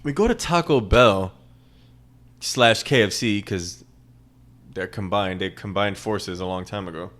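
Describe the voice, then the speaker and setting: A man's voice: fairly low pitch, a little slow, pauses often, fairly bright tone. A man hosting a casual solo podcast, ranting in a profane, rambling way and repeating lines for emphasis. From American South. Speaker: podcast host.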